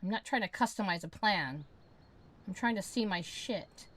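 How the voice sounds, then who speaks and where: A woman's voice: mid-range voice, expressive, normal speed, fairly bright tone. A woman game streamer in casual live-stream chat, ranting in exasperation, swearing and repeating herself.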